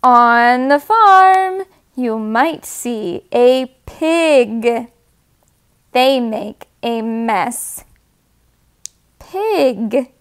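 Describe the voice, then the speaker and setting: A woman reads farm picture books to toddlers, high-pitched and sing-song. She goes very slowly, pausing over each word and making animal sounds for the little ones. The tone is gentle and encouraging, like a storytime leader. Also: expressive.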